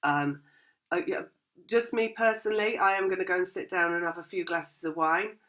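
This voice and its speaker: A woman's voice: lowish voice, moderate pace, a bit bright. A woman giving a casual, rambling tarot reading, laughing often and acting out her listeners' thoughts. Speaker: tarot reader.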